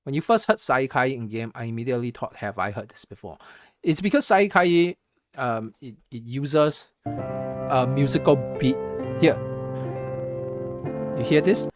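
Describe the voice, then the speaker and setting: A man's voice: medium pitch, lively intonation, unhurried, pauses often, soft background music. A man with Southeast Asian English, switching into a more American-sounding accent, chatting casually on a live stream, rambling and correcting himself as he hums musical beats. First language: not English.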